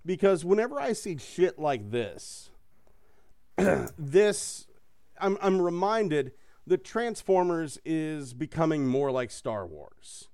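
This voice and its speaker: A man's voice: fairly high pitch, takes it slowly, smooth, dry recording, clean studio sound. A man hosting a casual chat, swearing freely and laughing as he tells stories. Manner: profane, laughing, animated storytelling.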